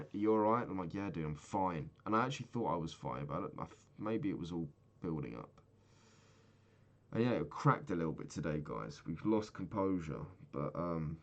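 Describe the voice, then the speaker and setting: A young man with a very deep voice speaks to camera in a personal video diary. He sounds sad and worn down, talking in a low-key, rambling way and swearing often. He grew up in England. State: sad, recently crying. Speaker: vlogger.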